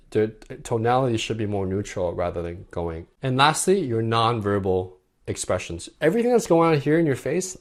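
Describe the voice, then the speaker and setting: A young man giving dating advice straight to camera, talking in a casual, animated way and sometimes acting out tones of voice. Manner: animated, demonstrates voice tones with bright high-pitched impressions. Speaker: dating coach. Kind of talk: direct-to-camera coaching talk.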